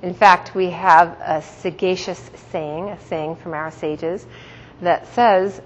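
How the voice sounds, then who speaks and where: A middle-aged woman giving a religious teaching talk to a group, telling stories warmly and laughing often. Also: on the low side, fairly even intonation, measured pace, a little hiss or hum. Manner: warm, storytelling, laughs often. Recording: dull sound in a reverberant hall.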